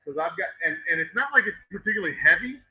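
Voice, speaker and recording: A man's voice: high-pitched, expressive, fast talker, slightly rough, lo-fi sound. A man chatting casually on a live stream while he works in his distillery shop, rambling, wry and self-mocking, swearing freely. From Texas.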